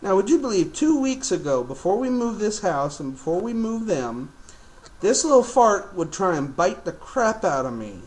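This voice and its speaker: A man filming a casual home video, chatting to his pet birds in a sing-song baby-talk voice. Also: high-pitched.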